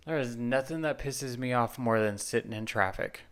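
Southern man, podcast co-host, smooth mid voice, chatty and quick to tease. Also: medium pitch. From Tennessee. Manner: chatty, teasing, quick to laugh. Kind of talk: casual podcast chat.

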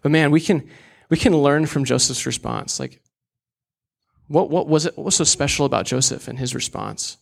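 A man's voice: mid-range voice, big pitch swings, moderate pace, gravelly. A young man preaching a sermon in an earnest, candid way, with casual asides.

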